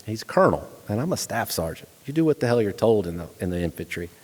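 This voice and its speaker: A man's voice: fairly low pitch, very animated, fast, darkish tone. A middle-aged man, a retired soldier, telling a frank personal war story to a lecture audience, with blunt soldier humor. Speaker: guest lecturer, retired Army staff sergeant. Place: large lecture hall. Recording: long reverb of a large hall.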